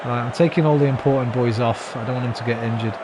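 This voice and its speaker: A man's voice: medium pitch, fairly even intonation, fast talker. Chatty British man ranting, noisy background. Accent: British English. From Britain. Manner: chatty, swears freely, rants at his team. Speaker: game streamer. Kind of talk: casual gaming commentary.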